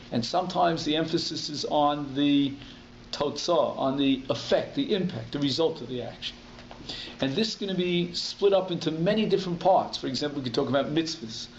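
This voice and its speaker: A man's voice: on the high side, fairly quick, echoey room, lo-fi sound, slight background noise. A man, a rabbi giving a conversational Talmud class, explaining step by step and restating each term in plain English. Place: community synagogue hall.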